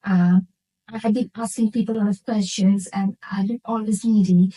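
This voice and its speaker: A woman's voice: mid-range voice, fairly even intonation, normal speed, mellow, low-quality recording. A woman from India, a nurse interviewing a guest and earnestly reflecting on her own experiences. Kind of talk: casual interview chat.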